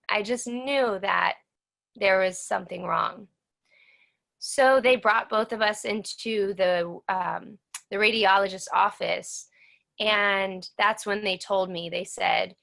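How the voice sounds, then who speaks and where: A woman's voice: mid-range voice, vocal fry, a bit bright. A woman in her thirties, a guest in an interview, telling her own story earnestly and acting out what others said to her. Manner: earnest, acts out the dialogue of others.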